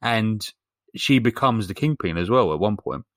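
A man with a lowish voice rambles through a story among friends, full of ums and little jokes. His voice is close and dry, with no room sound around it. He sounds like a podcast co-host chatting casually. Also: lively intonation, moderate pace, a bit bright, dry recording. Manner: rambling, many ums, jokey. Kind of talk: casual chat, retelling a film plot.

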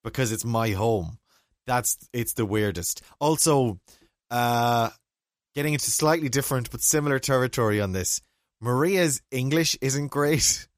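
A man with an Irish accent tells a story in a loose, chatty way, laughing often and now and then breaking into a shout. His voice sits at an ordinary pitch for a man. The recording is close and dry. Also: a little slow, no room sound. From Ireland (County Mayo). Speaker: podcast co-host. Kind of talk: casual chat.

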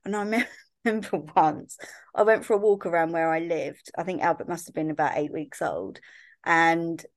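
Chatty woman with a lower voice. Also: normal speed, no room sound. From Sussex, England. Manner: chatty storyteller, peppered with "like" and "I remember". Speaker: podcast guest. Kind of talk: casual chat.

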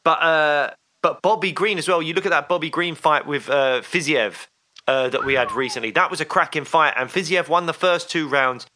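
A man's voice: on the high side, moderate pace, bright, forceful tone. A man co-hosting a fan podcast, chatting keenly about upcoming fights. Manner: enthusiastic, chatty fan talk. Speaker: podcast co-host. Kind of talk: casual chat.

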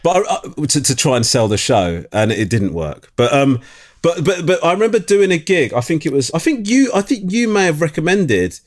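Animated British man telling stories. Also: a little high. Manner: animated storytelling with quick restarts. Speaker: comedian guest. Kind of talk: casual podcast chat.

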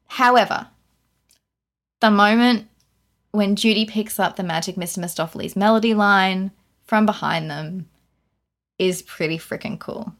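A woman's voice: medium pitch, measured pace, pauses often. A woman co-hosting a podcast, ranting in a casual, incredulous way about a film. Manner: animated, incredulous, ranting with laughs. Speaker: podcast co-host. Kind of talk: casual film review chat.

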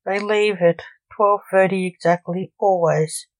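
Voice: mid-range voice, fairly even intonation, a little slow, dry recording, close to an everyday voice. A woman voicing a matter-of-fact male restaurant waiter. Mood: offhand. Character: middle-aged male restaurant waiter, offhand.

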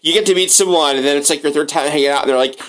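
A man's voice: fairly high pitch, rapid-fire, fairly bright tone. A man co-hosting a podcast in casual chat, rambling with lots of filler words. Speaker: podcast co-host.

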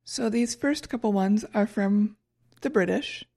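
A woman co-hosting a podcast, reading from her notes and fumbling over foreign words. Her voice has a gravelly, fry-heavy texture. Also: medium pitch, a little slow, warm tone. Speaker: podcast co-host presenting research. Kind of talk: casual chat.

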